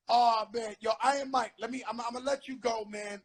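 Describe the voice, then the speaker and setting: A middle-aged man hosting an interview, telling animated stories full of street slang. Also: extremely high pitch, fairly quick, few pauses. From the Bronx, New York. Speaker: host. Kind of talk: casual interview chat.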